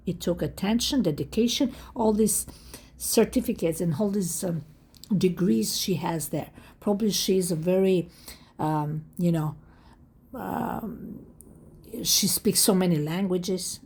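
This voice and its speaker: A woman reads tarot cards for her viewers in a casual, excited way. She stresses and repeats each point. Her voice is husky and mellow, with a soft, breathy edge. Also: on the low side, unhurried. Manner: excited, emphatic and repetitive, addressing viewers directly. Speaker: tarot reader. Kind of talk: casual tarot reading to camera.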